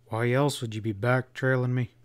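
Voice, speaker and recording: A man reading an audiobook, voicing a gruff, impatient cowboy who speaks in short, growled lines. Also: medium pitch, fairly even intonation, normal speed, lightly acted.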